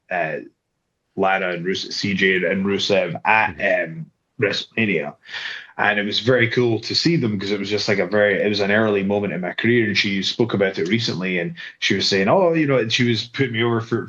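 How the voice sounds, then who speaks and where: A man's voice: fairly low pitch, a bit bright. A man being interviewed as a guest wrestler, telling stories casually and acting out quoted voices with frequent restarts. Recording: slightly dull lo-fi sound.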